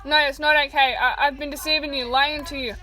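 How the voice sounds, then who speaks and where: A woman's voice: high voice, steady tone, moderate pace, a bit bright, far from the mic, rough recording. A woman reading the part of a guilt-ridden teenage boy, stammering and pleading.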